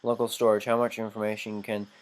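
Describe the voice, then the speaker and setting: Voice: medium pitch, flat delivery, quick pace. A gameplay creator giving casual, joking commentary while playing a horror game. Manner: chatty, joking, swears at glitches. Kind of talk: casual let's-play commentary.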